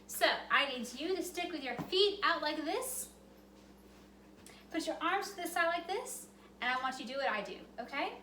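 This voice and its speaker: A woman's voice: high voice, lively intonation, moderate pace, sharp tone, reverberant, a little hiss or hum. A woman leading a children's yoga storytime, giving cheerful, sing-song instructions to young kids.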